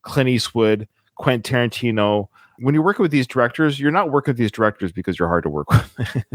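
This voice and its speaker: A man's voice: mid-range voice, lively intonation, fast, no room sound, clean studio sound. A man hosting a casual film podcast, talking with enthusiasm and reeling off lists of film titles. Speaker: podcast host.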